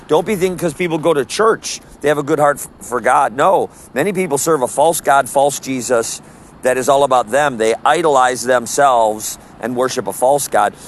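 A man's voice: medium pitch, fairly bright tone, a little hiss or hum. A man preaching on the street, earnest and emphatic, quoting scripture.

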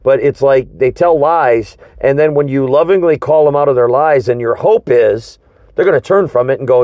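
A man leading an informal Bible study conversation, teaching slowly and emphatically and asking his partner rhetorical questions. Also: medium pitch, animated, darkish tone, dry recording.

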